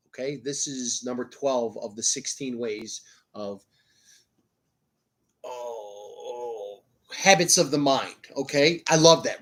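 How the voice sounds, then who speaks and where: Male motivational podcast host, loud and hyped, profane, jokey, speaking to camera indoors. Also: animated, slow pace. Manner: loud, high-energy, swearing, jokey. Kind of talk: motivational casual talk.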